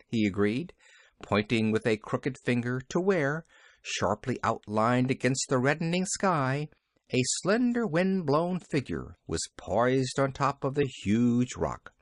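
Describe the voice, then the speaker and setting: A man's voice: medium pitch, sing-song, slow pace, dry recording. A man reading a novel aloud as an audiobook narrator, telling the story expressively.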